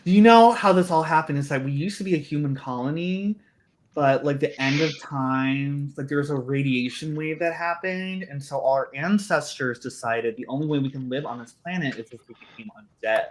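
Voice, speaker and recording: A woman's voice: sits low, moderate pace, natural voice. A woman voicing a bubbly, chatty female ghost who works as a hotel concierge in a tabletop game. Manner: gushing, eager, playful. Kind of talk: tabletop role-play voice.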